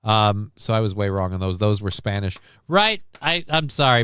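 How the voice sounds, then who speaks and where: Smooth-voiced joking male streamer. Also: lowish voice, big pitch swings, moderate pace, few pauses, a bit bright, dry recording. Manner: joking, rambling, swears freely. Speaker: stream host. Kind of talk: casual chat reacting to news clips.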